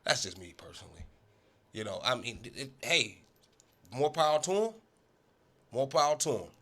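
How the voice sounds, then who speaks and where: A man's voice: mid-range voice, very animated, normal speed, sharp tone. A man hosting a casual sports talk show, arguing emphatically and repeating himself for emphasis.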